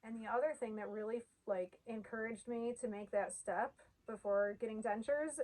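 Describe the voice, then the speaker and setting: Earnest woman vlogger, slightly high voice. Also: moderate pace, hardly any pauses, a little mellow, poor audio. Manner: earnest, heartfelt, uses "like" often. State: tearful. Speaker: vlogger sharing her denture journey. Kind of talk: emotional casual talk to camera.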